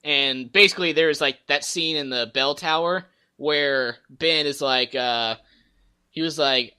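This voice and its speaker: Podcast host, male, bright and forceful tone, chatty storyteller who mimics game characters. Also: on the high side, measured pace, clean tone. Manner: rambling storyteller, acts out game characters' lines. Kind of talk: casual gaming chat.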